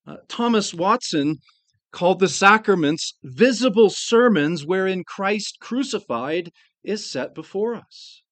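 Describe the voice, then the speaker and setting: A pastor preaching in an earnest, measured way, slowing down to lean on the phrases that matter. His voice sits a bit high for a man. The sound is dry and close, with little room around it. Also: dry recording. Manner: earnest, slows down to stress key phrases. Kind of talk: sermon.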